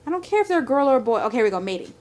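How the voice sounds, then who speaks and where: A woman's voice: fairly high pitch, very animated, very fast, a little mellow. A woman co-hosting a podcast in casual chat, blunt and dismissive, often reading aloud from articles. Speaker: podcast co-host.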